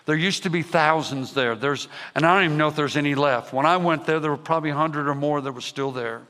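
Man, preacher, energetic, bright forceful tone, long hall reverb. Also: a little high, fast. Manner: energetic, repetitive calls to the congregation. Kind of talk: revival sermon.

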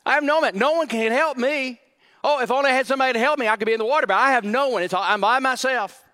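A man voicing a self-pitying, defensive disabled man who blames everyone else, in a high, loud, whining voice. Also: quick pace, big-room sound. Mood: complaining. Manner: whining, complaining, insistent.

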